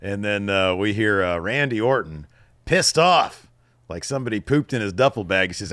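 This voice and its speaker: Recapping wrestling on a podcast he co-hosts, this man jokes around, curses freely and reads promos aloud emphatically. His lowish voice has lively intonation, a moderate pace and a fairly bright tone, in clean studio sound with no echo.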